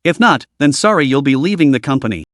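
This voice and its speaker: A curt, commanding young businesswoman, voiced by a man in an animated lilting read. She gives orders in a stern, clipped way, set against a dry close sound. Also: mid-range voice, fast, no room sound, natural voice. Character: cold, stern young woman company executive.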